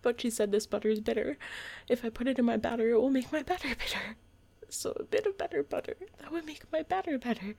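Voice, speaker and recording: A young woman reciting tongue twisters, giggly and swearing, coaching herself along in a breathy half-whisper. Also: a little high, fast, a little mellow. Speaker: content creator.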